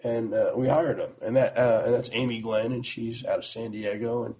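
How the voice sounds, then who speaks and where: A man's voice: medium pitch, fairly even intonation, normal speed, darkish tone, lo-fi sound. A middle-aged American man telling the story of starting his magazine in a casual, rambling way, full of fillers and restarts.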